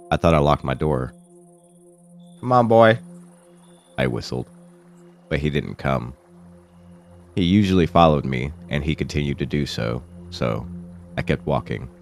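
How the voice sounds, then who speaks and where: A man with an extremely deep voice, roughened by sickness, narrates a first-person horror story in a low, somber tone. Faint music plays quietly behind him. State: sick, rough voice. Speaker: horror channel host.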